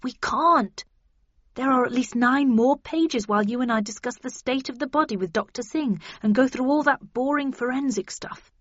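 A woman reading a weary, brooding male detective in an audiobook, often slow and sometimes hushed. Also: high-pitched, no room sound, lo-fi sound, pitched above the performer's own voice. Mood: resolved.

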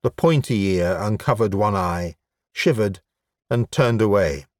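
A man narrating a comic fantasy audiobook in a wry, even storytelling manner. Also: fairly low pitch, a little slow, dry recording, clean studio sound. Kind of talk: scripted narration.

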